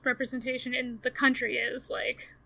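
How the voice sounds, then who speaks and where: Bright high-voiced woman chatting. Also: flat delivery, normal speed, vocal fry. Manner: chatty, many fillers. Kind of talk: casual chat.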